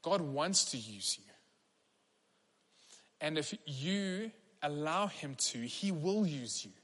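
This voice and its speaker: A man's voice: on the high side, animated, takes it slowly, fairly bright tone. A man preaching as a pastor, earnest and encouraging, leading a congregation in prayer. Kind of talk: sermon. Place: large church hall. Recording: long hall reverb.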